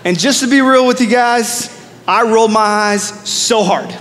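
Male pastor, high voice, storytelling sermon, lively asides, long church reverb, faint room noise. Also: moderate pace. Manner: storytelling, animated with asides to the congregation.

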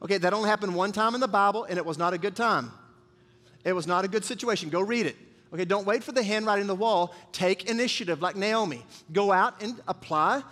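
High-pitched pastor preaching, calls to the crowd, echoey church hall. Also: male voice, fast talker, pushed and bright. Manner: call-and-response preaching with the congregation. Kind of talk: sermon.

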